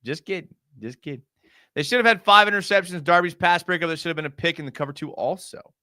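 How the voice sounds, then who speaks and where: A man's voice: high-pitched, quick pace, clean tone, dry recording, studio quality. A man hosting a live fan show, breaking down game film in a casual, exasperated ranting style and answering chat. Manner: animated, exasperated rants with sarcasm.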